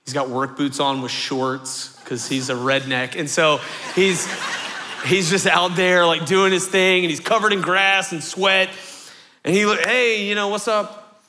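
A man in his thirties preaching a sermon, telling a story in lively fashion and repeating phrases for rhythm. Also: fairly high pitch, a little slow. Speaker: pastor.

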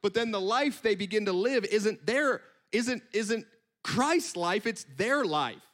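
High-voiced animated male preacher. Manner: animated, conversational preaching with quick asides. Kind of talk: sermon.

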